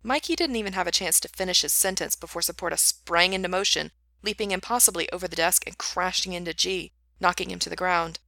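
A woman narrating a story in an even, steady reading voice. Her tone is bright and forward, with a slightly low pitch. The recording is dry and close. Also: fast talker, gravelly, few pauses, dry recording.

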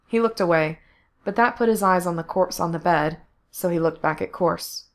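A woman narrating a story aloud in a steady, even reading. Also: lowish voice, moderate pace. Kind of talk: fan fiction reading.

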